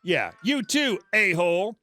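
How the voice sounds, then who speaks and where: A woman's voice: mid-range voice, big pitch swings, measured pace, pushed and bright. Guy reading out a snippy rude lady customer, curt and dismissive, music in back. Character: rude condescending woman customer.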